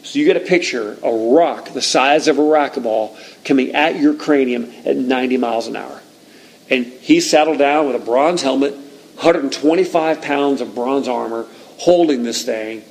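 Conversational male pastor, animated storyteller, middle-pitched voice, stumbles and restarts. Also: moderate pace, poor audio. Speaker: preacher. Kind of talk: sermon.

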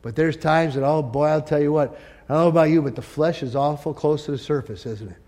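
A man preaching a sermon as pastor, swinging from loud emphatic peaks to soft asides. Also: on the high side, fairly quick. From northern United States.

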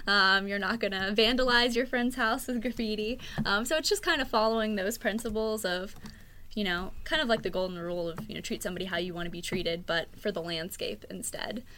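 A woman's voice: mid-range voice, bright, forceful tone, slight background noise. A woman working for a national park, giving earnest, informative interview answers. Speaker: park staff guest.

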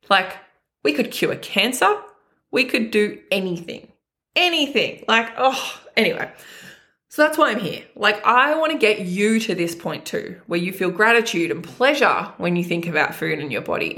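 A woman's voice: medium pitch, a bit bright. Earnest, emotional woman speaking to viewers. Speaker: food and body image coach. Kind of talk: personal monologue to viewers.

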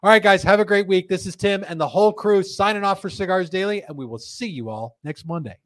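A laid-back man hosts a live chat show from a studio, joking his way through viewer comments. His voice sits a little high for a man. The sound is close and dry. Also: fairly quick, a bit bright, dry recording. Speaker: host. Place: company studio.

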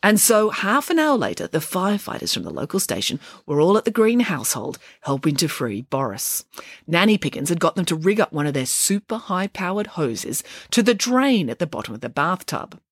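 Animated woman reading a storybook. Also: fairly low pitch, brisk, no room sound, clean studio sound. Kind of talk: storybook narration.

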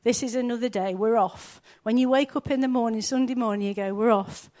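A high-voiced woman delivers an earnest sermon in a conversational tone. She often puts questions to her listeners. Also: brisk, dark tone. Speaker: preacher.

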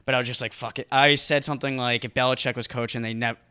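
A man's voice: mid-range voice, fairly even intonation, quick pace, bright, forceful tone, clear, resonant tone. A man from New England co-hosting a casual podcast, rambling with lots of hesitations and restarts. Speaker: podcast co-host.

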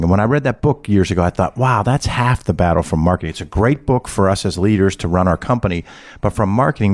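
A man hosting a marketing interview podcast, explaining ideas in an energetic way. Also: deep voice, no echo. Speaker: podcast host.

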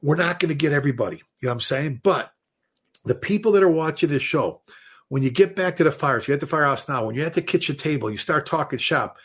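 Animated storytelling fire chief, a man. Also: a little high, fast talker, slightly rough. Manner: animated, many restarts and repeated words. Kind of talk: casual storytelling.

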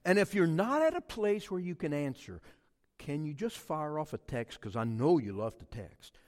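A middle-aged pastor gives a funny, story-driven sermon in a church sanctuary at a moderate pace. Animated, he acts out his own story with mock phone calls, quotes and noises, his pitch leaping all over. A long hall reverb trails every line.

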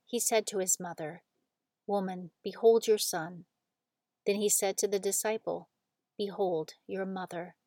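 A woman reading scripture aloud in a measured, solemn narration. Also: mid-range voice, a little mellow, dry recording. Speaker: scripture reader.

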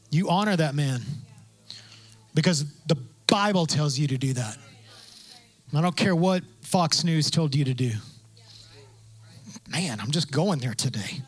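Male pastor, high voice, lively, conversational sermon delivery with quoted voices. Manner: animated, acts out quoted voices, builds to loud emphasis; conversational with asides and self-interruptions.

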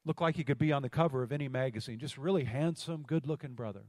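A man's voice: medium pitch, fast talker, darkish tone. A man preaching a sermon as pastor, telling a story and calling out to the congregation for responses. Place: large church hall. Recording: long hall reverb.

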